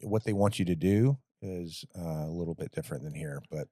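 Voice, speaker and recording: Low-voiced man telling pilot stories. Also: a little fast, dry recording, clean studio sound. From United States. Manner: relaxed storytelling, acts out radio calls. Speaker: airline pilot guest. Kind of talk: casual chat.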